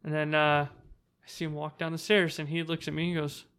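Man, high bright voice, animated casual storyteller acting out quotes. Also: normal speed, clean tone. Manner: animated, acts out quotes in raised voice.

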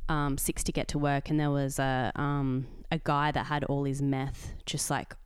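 A woman's voice: extremely low pitch, a little slow, clear, resonant tone, dry recording, studio quality. A young Australian woman co-hosting a podcast, telling a story in casual chat and acting out the people in it. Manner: animated storytelling, acts out quoted voices. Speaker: podcast co-host.

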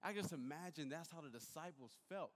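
A young man giving a sermon, telling a lively personal story and acting out the voices of the people in it. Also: a little high, a little fast. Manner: animated storyteller, acts out voices and shouts. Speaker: youth pastor. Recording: long hall reverb.

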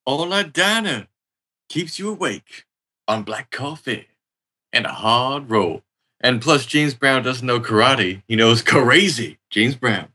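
A man on a comedy podcast panel, tossing out deadpan wisecracks. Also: mid-range voice, slow pace. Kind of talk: casual comedic banter.

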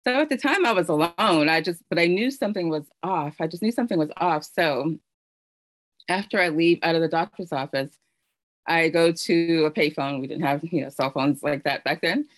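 Earnest, halting woman telling her story. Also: low-pitched, dry recording. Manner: earnest, halting, many fillers and restarts; emotional storytelling. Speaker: speaker sharing her story. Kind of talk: personal testimony.

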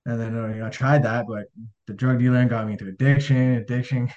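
A man's voice: mid-range voice, steady tone, fast talker, a little mellow. A man, a podcast guest telling his life story in a rambling casual way, full of fillers and acted-out dialogue. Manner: rambling, heavy on fillers, acts out quoted dialogue. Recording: dull lo-fi audio.

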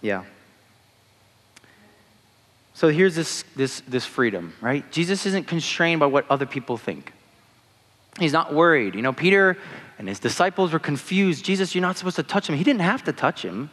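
Casual young preacher in an echoing hall. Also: male voice, on the high side, big pitch swings, moderate pace, fairly bright tone. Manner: conversational, uses many fillers like "like" and "you know". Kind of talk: casual sermon. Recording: long hall reverb.

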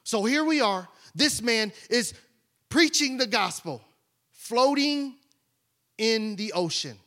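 A male pastor preaching a sermon, asking the congregation rhetorical questions and dropping to a hush for emphasis. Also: extremely high pitch, expressive, slow.

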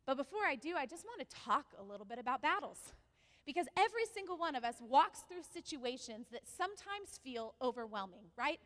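A woman pastor preaching a sermon, telling a personal story with animated delivery and asking the congregation questions. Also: high-pitched, a little fast, in a large hall.

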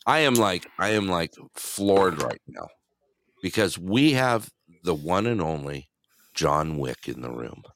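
Brief: low-voiced male host, pitch leaping all over, joking. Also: big pitch swings, slow, fairly bright tone, no room sound. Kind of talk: casual panel chat.

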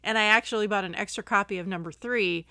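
Woman co-host, bright and crisp, chatty fan energy, dry close sound. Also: mid-range voice, no room sound. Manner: chatty, enthusiastic, quick asides. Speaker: podcast co-host. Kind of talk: casual chat.

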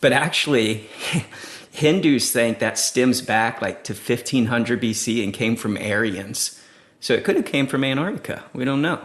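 A man co-hosting a podcast, talking casually in a loose, animated way. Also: medium pitch, measured pace. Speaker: podcast co-host. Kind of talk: casual conversational chat.

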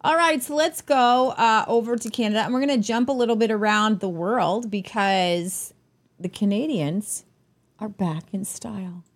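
Woman co-host, casual chatty news talk, mid-pitched voice, stumbles on names. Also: moderate pace.

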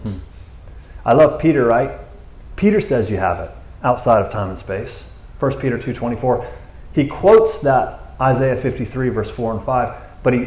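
Animated preacher man in an echoey room. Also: medium pitch. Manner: animated, jokey asides, quotes scripture. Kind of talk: conversational sermon.

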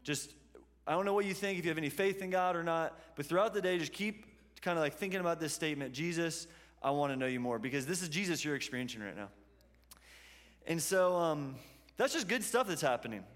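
A man's voice: a little high, lively intonation, brisk, fairly bright tone. A man preaching a sermon to a church congregation, telling stories in a conversational way. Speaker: pastor. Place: church hall. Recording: long hall reverb.

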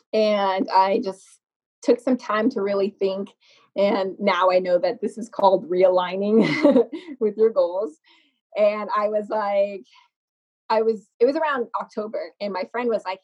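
With a medium-pitched, darkish, slightly rough voice at a moderate pace, a young makeup artist shares her story as a guest on a podcast. The interview is casual and the sound is slightly dull lo-fi; she chats freely, laughing a lot and filling gaps with fillers.

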